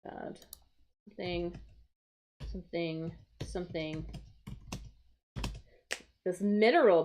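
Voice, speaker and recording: Slow, lively woman teaching vocabulary. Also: on the low side, a little hiss or hum. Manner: slow, explaining, thinking aloud. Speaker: English teacher streaming crosswords. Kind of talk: live-stream vocabulary lesson.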